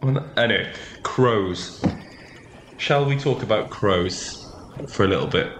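Man, podcast co-host, low, gravelly, laughs a lot, echoey room with background noise. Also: slow pace. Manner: laughs often, rambling. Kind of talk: casual comedic banter.

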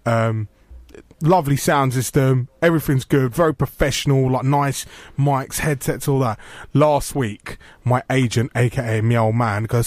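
A man's voice: mid-range voice, normal speed, darkish tone, dry recording. A man co-hosting a sports radio show, telling stories and mimicking the people in them. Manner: storyteller, mimics voices, chatty. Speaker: co-host, stadium announcer. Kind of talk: casual radio banter. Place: radio studio.

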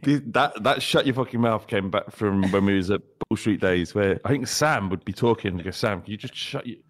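Lower-voiced male co-host, teasing. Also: a little fast. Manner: laughs a lot, teasing banter. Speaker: podcast co-host. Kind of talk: casual football chat.

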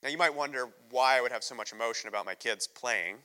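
A man's voice: mid-range voice, quick pace, pushed and bright, clear, resonant tone. A man from the United States preaching a candid, emotional sermon as a visiting missionary in a church sanctuary. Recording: long reverb of a church hall.

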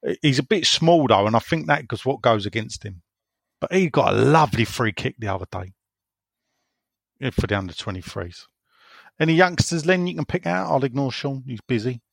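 A chatty football podcast host reads listener messages in a medium-pitched voice with lively intonation, vocal fry and normal speed. His voice rises and falls freely as he wanders into opinionated asides, and the recording is close and dry with no room sound.

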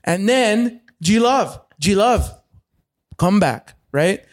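A man from Canada telling a wild story in casual, profane chat, animated and acting out other people's voices. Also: sits high, takes it slowly, no room sound, clean studio sound.

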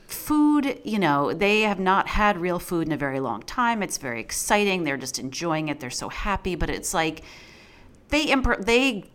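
A woman's voice: fairly low pitch, big pitch swings, moderate pace, a bit bright. A woman co-hosting a casual movie podcast, blunt and profane, rambling through stories. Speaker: podcast co-host.

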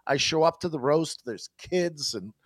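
Dry-sounding man, animated storyteller. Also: a little high, measured pace, slightly rough, dry recording. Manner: self-deprecating, rambling storyteller. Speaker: guest, former hockey player. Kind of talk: casual chat.

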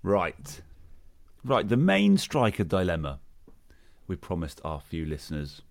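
A man hosting a football podcast, brisk and joking as he steers the chat. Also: deep voice, huge pitch swings, creaky, no room sound. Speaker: podcast host. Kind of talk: casual chat.

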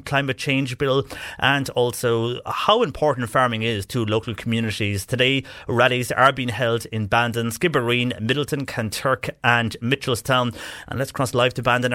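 A man's voice: mid-range voice, fairly bright tone, no room sound, studio quality. A man with an Irish accent hosting a talk radio show, reading listener messages in a chatty way with filler words.

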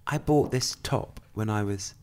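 A man co-hosting a casual podcast chat, telling stories with animated asides and mimicking people. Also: a little slow. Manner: animated storyteller, mimics people in high voices. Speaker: podcast co-host.

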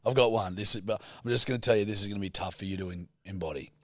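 A man's voice: fairly low pitch, fairly bright tone, no echo. A man co-hosting a comedy podcast in a studio, teasing his partner and handing out improv prompts. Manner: teasing, quick to laugh, sets prompts. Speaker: podcast co-host.

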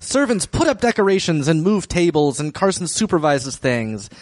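A man's voice: on the high side, very animated, normal speed, no room sound, studio quality. A man co-hosting a podcast, recapping a drama in wry casual chat and laughing often. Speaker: podcast co-host.

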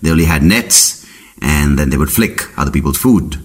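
Male podcast host, low voice, lively delivery, rambling comic monologue with puns. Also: normal speed, breathy edge. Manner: rambling, punning, jumps into silly voices. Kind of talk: comedic monologue.

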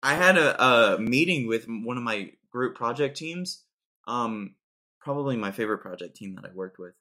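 A man's voice: medium pitch, animated, moderate pace, bright, forceful tone. A young man hosting a casual podcast chat, telling joking stories and saying dude and bro a lot. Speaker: podcast host.

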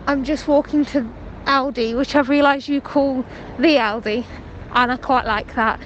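A woman's voice: sits high, fairly even intonation, a little slow, highs cut off, slight background noise. A young woman from England leaving a chatty voice note while walking down the street, telling a story in an amused way. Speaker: caller leaving a voice message. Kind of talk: casual voice note. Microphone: phone.

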